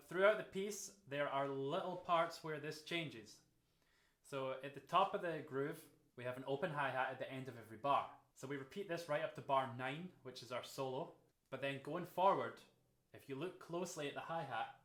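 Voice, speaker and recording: A man, a drum teacher calmly explaining a groove and counting beats aloud. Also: mid-range voice. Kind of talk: instructional explanation. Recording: roomy echo.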